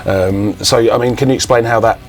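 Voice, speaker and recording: A man's voice: medium pitch, steady tone, a little fast. A man interviewing a musician, hesitant, with many fillers and frequent laughs. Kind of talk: interview questions. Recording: faint music underneath.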